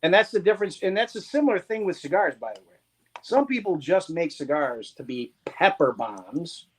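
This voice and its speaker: Middle-aged guy explaining cigar stuff, lively, kind of high-pitched, acts out quotes as he goes. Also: normal speed, slight background noise. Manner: animated, teaching tone, acts out quotes. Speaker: guest, cigar blender. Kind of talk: casual explanatory chat.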